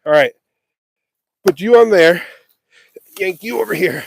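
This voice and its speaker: A man's voice: sits high, animated, a little slow, vocal fry, slightly rough, no echo, clean studio sound. A man livestreaming from a farm on his phone, joking about himself while he works and catches his breath. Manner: jokey self-mocking chatter while working outdoors. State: out of breath and sweaty. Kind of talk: casual live vlog. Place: outdoors on a farm property, windy. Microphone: phone held or carried while working.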